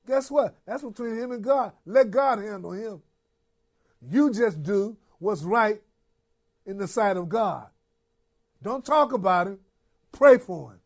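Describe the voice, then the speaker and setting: Very high-voiced emphatic preacher man. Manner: emphatic, repeats phrases, asks the listeners questions. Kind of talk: sermon, Bible reading and exhortation.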